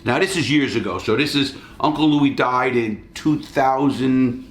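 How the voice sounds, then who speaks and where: Middle-aged man, profane rambling storyteller; roomy room sound, mid-pitched. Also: unhurried. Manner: rambling, swears freely. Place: hotel suite.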